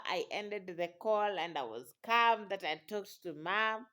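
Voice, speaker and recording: Slow, dramatic woman telling a story. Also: mid-range voice, lively intonation, fairly bright tone. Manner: exclamatory, dramatic, laughs often. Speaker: vlogger, new mother. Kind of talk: animated personal storytelling.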